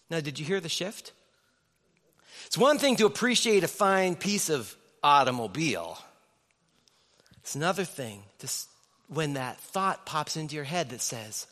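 A man with a high, bright voice preaches a sermon to his church. He tells stories with animation and slips into acted inner voices. His voice carries a long reverb through the church hall. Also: sing-song, measured pace, long pauses. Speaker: pastor.

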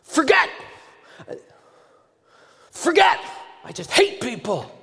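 A man voicing a furious, indignant stranger in a heavy winter jacket, shouting in a long echoing hall. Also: extremely high pitch, very animated, slow pace, gravelly, pitched above the performer's own voice, exaggerated voice.

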